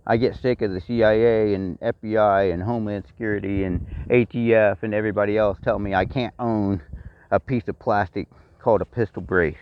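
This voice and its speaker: This middle-aged vlogger from Texas keeps a steady tone and a clean voice, low-ish and a little fast, in his Texan accent. He rants bluntly and profanely about personal matters, repeating his complaints, in a dry, dull lo-fi recording.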